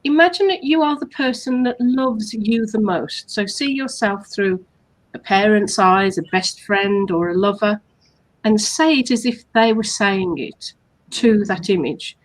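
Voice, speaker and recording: A woman's voice: medium pitch, animated, measured pace. A woman co-hosting a casual coaching chat, patiently explaining steps and acting out sample compliments. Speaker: hypnotherapist co-host.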